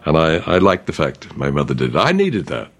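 Older deep-voiced man teaching gently. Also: huge pitch swings, fairly quick. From England. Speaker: author and teacher. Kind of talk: conversational Bible discussion.

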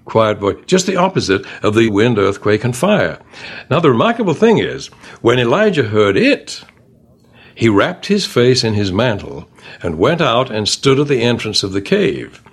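A man's voice: mid-range voice, sing-song, normal speed, breathy edge. A man teaching a Bible study class, reading scripture aloud with expression and putting questions to the group.

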